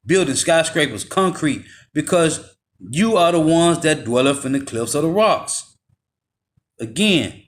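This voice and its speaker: Brief: male street preacher, a touch higher than average, fiery and confrontational, slows for scripture readings. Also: lively intonation. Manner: forceful and confrontational, drops low on tag words, slows to read scripture.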